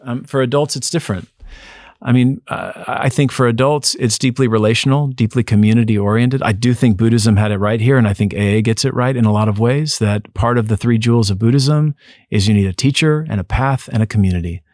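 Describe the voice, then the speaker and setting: A man, a psychotherapist, speaking as an interview guest in an earnest, measured way, often restarting his sentences. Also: mid-range voice, a little mellow, no room sound, clean studio sound. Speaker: depth psychotherapist, podcast guest. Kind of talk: reflective interview talk.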